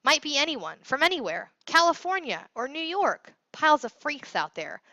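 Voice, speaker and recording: A blunt, wisecracking teenage boy, voiced by a woman reading a novel aloud, his lines pitched a little up and bright. He teases and scoffs in a bright, edgy tone. The recording is dry and a bit dull. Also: big pitch swings, moderate pace, no echo, heavily acted. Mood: skeptical. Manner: teasing, blunt.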